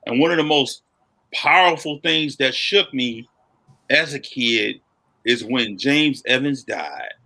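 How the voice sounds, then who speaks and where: A man's voice: mid-range voice, animated, slow, gravelly, sharp tone. A man co-hosting a podcast, telling stories in a casual chat with lots of animation and "you know what I'm saying". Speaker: podcast co-host.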